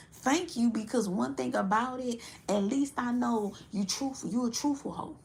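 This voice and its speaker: A woman giving a casual tarot reading to her audience, blunt and profane, animated and laughing often. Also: a little high, a little slow. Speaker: tarot reader.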